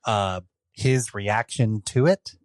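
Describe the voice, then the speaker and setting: A man's voice: on the low side, takes it slowly, no room sound. A man chiming in on a casual podcast chat with short, dry remarks. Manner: brief, dry interjections. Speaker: podcast regular.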